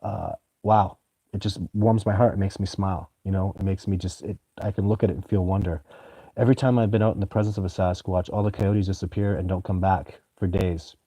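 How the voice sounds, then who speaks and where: A man with a lowish, mellow voice rambles eagerly through viewer comments on a live stream. He swears casually and laughs often, and the sound is dry and close. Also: fairly even intonation, a little fast, no room sound.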